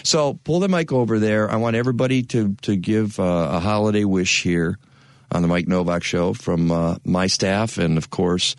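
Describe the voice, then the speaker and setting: A man's voice: fairly low pitch, normal speed, no echo. A man hosting a radio talk show, chatting playfully with his guests and chuckling. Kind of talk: casual studio chat.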